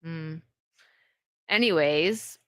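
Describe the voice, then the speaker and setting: A woman's voice: low voice, drawn-out words, a bit bright, clean tone, dry recording, clean studio sound. A woman hosting a casual solo video chat, rambling and chatty with frequent laughs. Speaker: host.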